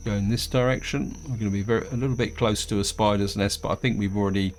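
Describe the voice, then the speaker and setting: A man's voice: fairly low pitch, fast, a little hiss or hum. A man casually commenting on his own gameplay, thinking aloud as he plays. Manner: relaxed, thinking aloud while playing. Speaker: gaming video host.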